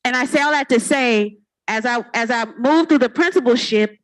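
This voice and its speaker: A woman's voice: fairly high pitch, normal speed, low-quality recording. A woman from California giving a heartfelt, playful award acceptance speech on an awards ceremony stage. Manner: heartfelt, playful, speaks to the crowd.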